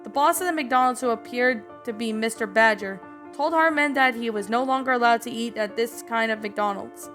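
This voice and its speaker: A woman reads a fan-made story aloud in a casual, slightly stumbling way, breaking in with her own reactions. Her voice sits a bit high, and faint background music runs underneath. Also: moderate pace, fairly bright tone. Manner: casual reading with small slips. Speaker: story narrator and reviewer. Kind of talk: reading a fan story with commentary.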